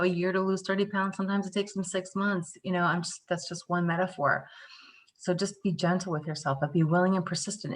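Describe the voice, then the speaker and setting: A woman from the Northeastern US teaching a live online tapping workshop, chatty and animated, acting out little scenes as she explains. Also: lowish voice, a little hiss or hum.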